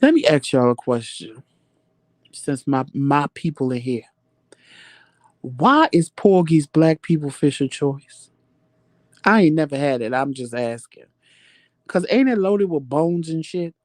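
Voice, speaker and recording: Man hosting a loose live chat, slightly high voice, dry close sound, swears freely, animated storyteller. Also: a little slow, long pauses, no echo. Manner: animated, profane, laughing storyteller. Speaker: livestream chat host. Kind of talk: casual live chat answering viewer comments.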